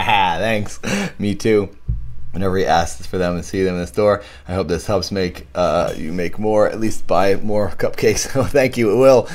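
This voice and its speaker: A man hosting a live stream, chatting casually about his own short film and thanking donors. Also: low voice. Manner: rambling, animated, thanks donors warmly. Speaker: filmmaker hosting a live viewing commentary.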